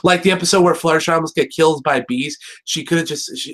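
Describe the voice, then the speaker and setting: A man's voice: fairly high pitch, quick pace, a bit bright. A young man hosting a casual review chat, rambling and joking with plenty of swearing and fillers. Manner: rambling, jokey and profane, full of fillers. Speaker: show host reviewing an episode.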